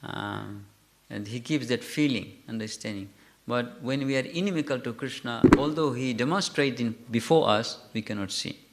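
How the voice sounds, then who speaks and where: A man teaching a scripture class, telling a story in a halting way, correcting himself and putting questions to his listeners. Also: mid-range voice, slight background noise. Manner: halting, self-correcting, asks the audience questions. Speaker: lecturer.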